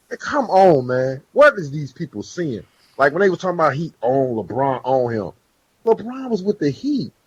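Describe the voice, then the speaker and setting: A man with a husky voice argues sports on a podcast, reeling off stats in relaxed slang. His mic sounds dry and a bit muffled. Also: a little high, no room sound. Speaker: podcast co-host. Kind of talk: casual sports chat.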